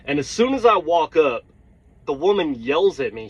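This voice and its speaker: A man's voice: on the high side, very animated, normal speed, slightly rough, no room sound, dull audio. A truck driver telling a heated, blunt story, swearing and checking in with his listeners as he vents. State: tired. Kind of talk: storytelling vlog rant.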